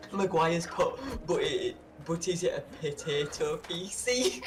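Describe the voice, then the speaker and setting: A man's voice: on the high side, animated, slow pace, over music. A man co-hosting a live game stream, reading out the chat and teasingly pushing his friend. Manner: teasing, pushy, eager. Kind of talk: casual live stream banter.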